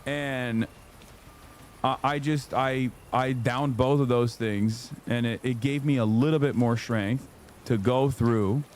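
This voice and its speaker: A man in his thirties telling a story on his livestream, casual, profane and animated, jumping into high-pitched quoted voices. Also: slow, a little hiss or hum. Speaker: streamer.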